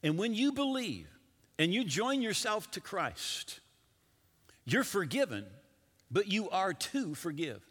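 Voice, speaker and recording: Animated preacher with lively pitch. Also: male voice, takes it slowly, breathy edge. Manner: animated preaching, asks listeners direct questions. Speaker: pastor. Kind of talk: sermon. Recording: long hall reverb.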